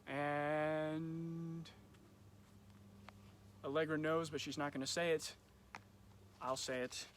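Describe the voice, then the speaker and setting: Speaking slowly in a fairly high, level and slightly bright voice, a young nature center camp educator leads casual trivia about nature for kids on a live stream. He's chatty and loose with lots of ums, and the phone or camera audio has a little hiss or hum.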